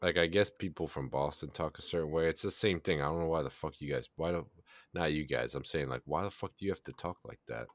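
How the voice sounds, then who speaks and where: A man's voice: a bass voice, fast, no room sound, clean studio sound. A man co-hosting a casual podcast, blunt and profane with a joking edge. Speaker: podcast co-host. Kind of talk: casual chat.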